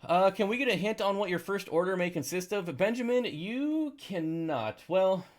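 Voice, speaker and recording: A man's voice: high-pitched, steady tone, brisk. Man, live stream host, casual rambling talk, sarcastic, grumbling. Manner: rambling, sarcastic, easily frustrated. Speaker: aquarium channel live streamer. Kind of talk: casual live stream chat reading comments.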